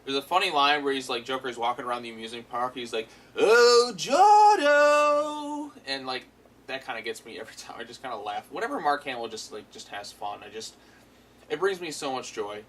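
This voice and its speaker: A man's voice: mid-range voice, quick pace, bright, forceful tone, slight background noise, poor audio. A man giving a casual, rambling review of a cartoon episode, full of fillers and amused asides.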